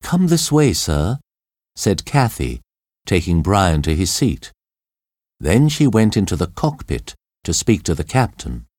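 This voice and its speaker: A man narrating an audiobook story in a dramatic, expressive reading. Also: low voice, measured pace, dry recording, studio quality.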